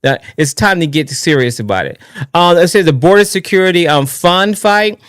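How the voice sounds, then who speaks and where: A man hosting his own live political talk stream in a casual, excitable, rambling way, often restarting his sentences. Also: a little high, normal speed, clear, resonant tone, dry recording, studio quality. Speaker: livestream political show host.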